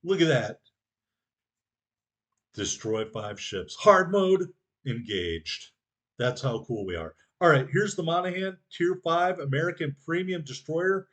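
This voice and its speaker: Excitable male gameplay commentator. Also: a little high, a little slow. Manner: excitable, mock-angry and joking. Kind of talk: game commentary over footage.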